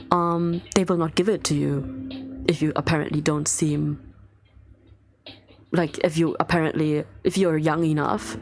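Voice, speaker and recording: Woman streamer, low gravelly voice, furious swearing rant, faint music underneath. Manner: angry, swearing, exasperated. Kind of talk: live-stream rant to chat.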